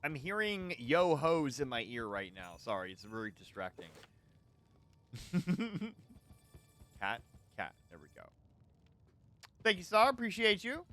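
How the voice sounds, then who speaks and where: A streamer host chats casually during a game stream, teasing and getting playfully flustered. The voice swings lively in pitch and has a bright, forward tone. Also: a little slow, pauses often. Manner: joking, playfully flustered banter.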